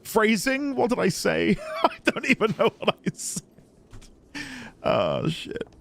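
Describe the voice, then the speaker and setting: A man's voice: sits high, wildly swooping pitch, slow, vocal fry, a bit bright, slight background noise. A man streaming a video game, chatting loosely with his viewers, rambling and laughing often. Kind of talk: casual gaming livestream chat.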